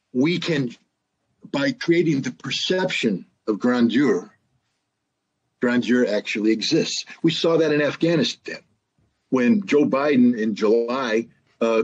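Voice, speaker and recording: Husky American man in his sixties, emphatic interview guest, dull lo-fi audio. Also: medium pitch, unhurried. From United States. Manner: emphatic, repeats phrases, acts out quoted speech. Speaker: guest, former weapons inspector and analyst. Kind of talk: forceful political commentary in an interview.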